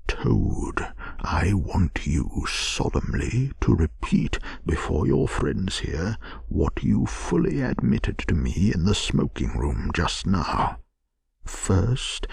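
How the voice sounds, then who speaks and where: A man voicing a stern, wise old male badger who lectures gravely, in a whispered bedtime story. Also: low voice, a little mellow, no room sound, studio quality, exaggerated voice. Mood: reproachful.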